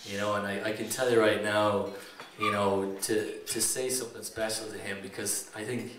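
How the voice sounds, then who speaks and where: Irish best man, 30s, loose and jokey; distant mic in a noisy reception room. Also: fairly low pitch. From Ireland. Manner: joking and rambling, laughing often. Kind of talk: wedding toast speech. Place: wedding reception venue. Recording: roomy echo, distant mic, background noise.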